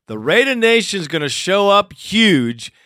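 A man's voice: sits high, big pitch swings, a little slow. A man hosting a fan radio show, hyped and folksy, calling listeners partner and brother.

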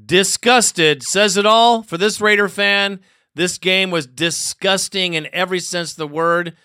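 A man hosting a sports talk show, introducing fan messages briskly and wryly. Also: high-pitched, fairly even intonation, bright, forceful tone, smooth, no room sound, studio quality. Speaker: host.

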